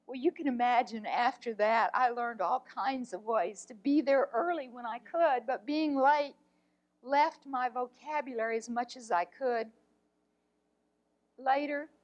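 A woman, an art teacher, telling a personal story in an earnest, heartfelt way, often speaking softly. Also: fairly high pitch, fairly even intonation, unhurried, dull audio.

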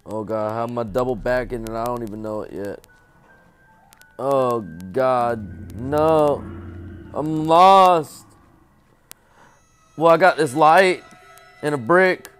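Playing a horror game, this jokey man talks slowly in a clear, resonant tone over faint background music. His casual let's-play commentary has him addressing the character and chanting silly lines, veering between low mutters and loud, startled yelps.

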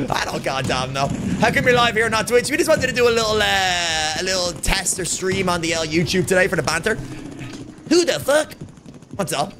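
Irish man, game streamer, high lively voice, loud and jokey, noisy stream audio. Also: moderate pace. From Ireland. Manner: loud, joking, swears freely, shouts at the game. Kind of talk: live gaming stream, reading chat.

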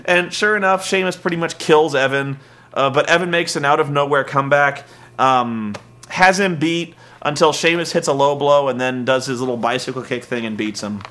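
A man hosting a comedic wrestling recap, sarcastic and profane with deadpan jokes. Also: medium pitch, moderate pace. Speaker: podcast host.

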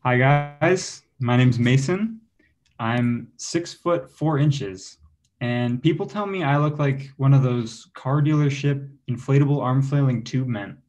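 Slow self-deprecating young man comic. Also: medium pitch, a little mellow, a little hiss or hum. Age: young adult. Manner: self-deprecating, chuckles between jokes. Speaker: stand-up comedy student. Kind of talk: stand-up comedy set. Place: online show, home setup.

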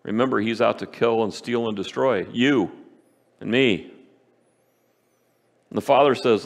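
A man preaching a sermon as pastor, emphatic, repeating key phrases and slowing down for stress. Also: mid-range voice, vocal fry. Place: church sanctuary. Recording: church hall with long reverb.

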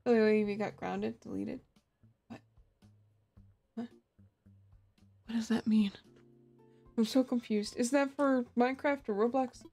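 Brief: young woman game streamer, higher voice, chatty and giggly, faint game music behind. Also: steady tone, a little slow, creaky, pauses often, dark tone. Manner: giggly, chatty, laughs often. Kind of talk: casual live-stream chat.

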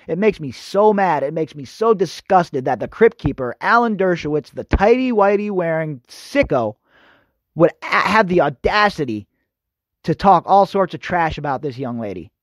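Indignant high-voiced male podcast host. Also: animated, moderate pace, dry recording. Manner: indignant, ranting, addresses listeners as folks. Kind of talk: opinionated news commentary.

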